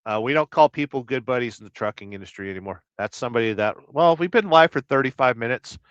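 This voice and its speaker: A man hosting a trucking livestream, chatting casually and reading viewer comments aloud. He rambles through deadpan, absurd jokes at an ordinary middle pitch. The sound is dry and close, with a slightly dull, lo-fi tone. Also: quick pace, clean tone, no room sound. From Southern California.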